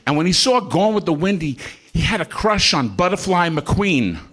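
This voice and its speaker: A man's voice: sits high, big pitch swings, normal speed, fairly bright tone. A man doing a stand-up comedy set on a comedy club stage, telling self-mocking jokes and chuckling through his punchlines.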